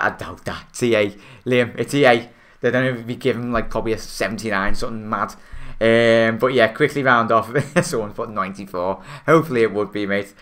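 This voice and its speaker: A man's voice: medium pitch, a bit bright. A young man with a Scouse accent hosting a casual football fan stream, rambling and chatty with lots of fillers, reading out viewer comments. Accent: Liverpool Scouse. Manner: chatty, rambling, many fillers and restarts, calls viewers mate. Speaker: football fan channel host.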